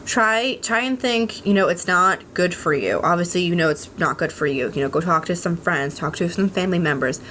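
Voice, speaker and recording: Young woman, low-pitched, casual rambling vlog talk, lots of ums, candid, swears, faint background hiss. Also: a little fast, few pauses, fairly bright tone. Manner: rambling, frequent ums and restarts, frank swearing. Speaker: vlogger. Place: at home.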